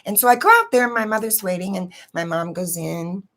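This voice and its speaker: A woman's voice: medium pitch, a little fast, a bit bright. Woman host, casual confessional storyteller, blunt and profane. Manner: profane, rambling, keeps asking "right?". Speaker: channel host telling a personal story.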